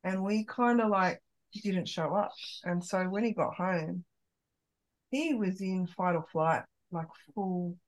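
A woman's voice: fairly low pitch, darkish tone, rough recording. A middle-aged woman, a podcast guest, telling an open, emotional personal story in casual conversation, with many restarts.

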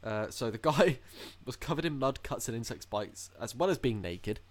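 A man's voice: mid-range voice, lively intonation, moderate pace. A young man, telling a funny news story in a casual podcast chat. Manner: cheeky, jokey storyteller. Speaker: podcast co-host.

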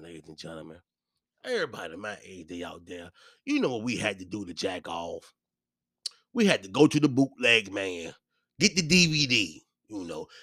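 A man in his thirties, a podcast host, delivering a profane comedic solo rant that swings between loud, heated outbursts and muttered asides. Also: mid-range voice, no echo, studio quality.

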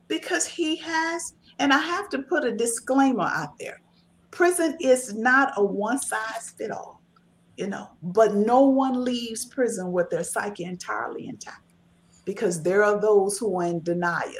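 A woman's voice: fairly high pitch, unhurried. A woman talking earnestly and emphatically in a casual discussion, giving encouraging advice. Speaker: author and guest.

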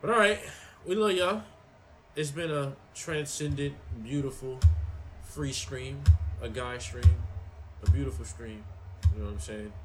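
A man's voice: mid-range voice, unhurried, music in the background, rough recording. A young man co-hosting a stream, chatting casually in a slangy, profane way. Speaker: stream co-host. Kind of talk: casual chat.

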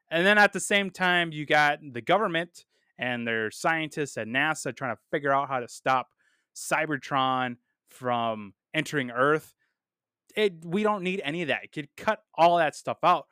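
A man's voice: mid-range voice, pushed and bright, clean tone, no room sound, studio quality. Man giving a blunt, dismissive film review. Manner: blunt and dismissive, many fillers. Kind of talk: casual unscripted review monologue.

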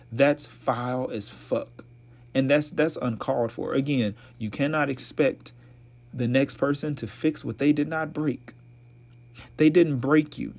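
A young man hosting his own podcast, giving blunt, profane relationship advice in casual commentary, his voice a little hoarse. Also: mid-range voice, darkish tone. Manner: blunt, profane, preachy, laughs often. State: slightly hoarse voice. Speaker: podcast host.

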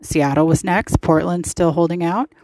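A woman's voice: fairly low pitch, fairly even intonation, moderate pace, darkish tone, slight background noise, low-quality recording. A woman hosting a podcast, giving casual political commentary in a chatty, emphatic way with lots of fillers. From United States. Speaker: podcast host.

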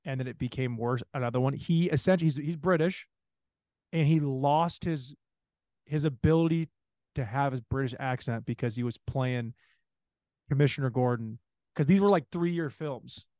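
A man's voice: medium pitch, normal speed, darkish tone, no echo. A man co-hosting a podcast, chatting casually and animatedly about a movie, swearing and mimicking the people he talks about. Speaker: podcast co-host.

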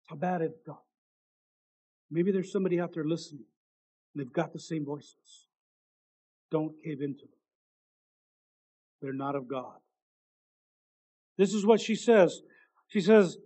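A man preaching, his voice sitting high for a man. He reads a testimony in an impassioned sermon style, swinging from loud, ringing lines down to hushed ones. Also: unhurried, pauses often, husky, rough recording.

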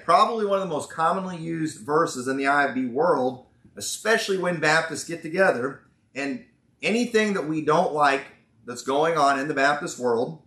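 A male pastor with a Southern accent preaches a sermon at a church conference, folksy and sarcastic, drawing out his words when he quotes. His voice is fairly high, pushed and bright, echoing through a church hall.

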